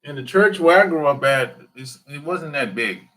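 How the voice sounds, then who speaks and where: A man's voice: fairly high pitch, lively intonation, moderate pace, fairly bright tone. A man hosting a livestream, chatting casually and loosely, joking, answering viewers and mimicking how other people talk. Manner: loose, joking, talks back to chat, laughs often. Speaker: livestream host reading chat.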